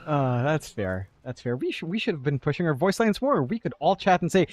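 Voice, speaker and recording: A man's voice: a little high, big pitch swings, fairly quick, few pauses, no room sound. A man casting a live video game match, breaking down lanes and items in a chatty, analytical way and joking with his co-caster. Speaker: esports caster. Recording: music in the background.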